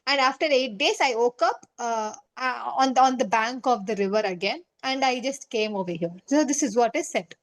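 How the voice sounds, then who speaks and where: Teacher, woman, high voice, casual story time that keeps checking the class follows. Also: moderate pace, hardly any pauses. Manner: chatty, checks in with "okay?" and "right?".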